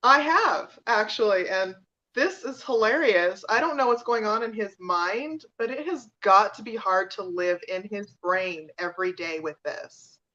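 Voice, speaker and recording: A woman's voice: medium pitch, animated, unhurried, sharp tone, lo-fi sound. A woman in casual chat, wry and amused at the papers she is reading.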